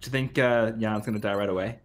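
A man's voice: fairly even intonation, a little fast, soft background music. A man co-hosting a game live stream in casual chat, joking around and reading chat suggestions aloud. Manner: joking, pitches ideas, reads chat aloud. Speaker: streamer co-host.

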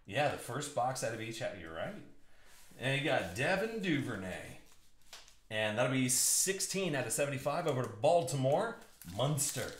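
A man's voice: medium pitch, very animated, normal speed. A man hosting a live trading card break, bantering and joking with chat viewers as he reads out the hits. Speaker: box break host. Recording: echoey room with faint noise.

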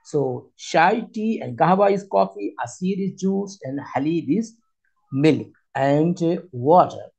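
A man teaching a spoken language lesson, with slow, repetitive, halting phrasing. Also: on the high side, lively intonation, creaky, darkish tone, husky, dull audio. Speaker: Arabic teacher. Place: Qatar.

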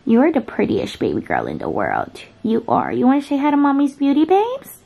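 A woman's voice: high-pitched, wildly swooping pitch, a little fast, gravelly, mellow, breathy edge. A young woman cooing sing-song baby talk to her dog. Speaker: vlogger.

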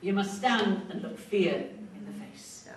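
A woman's voice: medium pitch, a little slow, a little hiss or hum. A woman giving an earnest storytelling lecture, acting out the voices she quotes. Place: lecture hall. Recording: echoey hall, distant mic, faint ambience.

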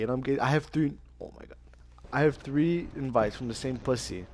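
With a mid-range voice and a brisk pace, a young gaming channel host chats casually while playing with a friend. He swears a lot and laughs while mimicking his buddies, against a noisy background.

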